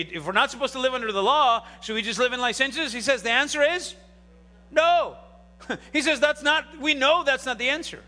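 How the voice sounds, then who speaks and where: A man pastor preaching an animated sermon, swinging between loud bursts and quiet asides, recorded in a large church hall. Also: sits high.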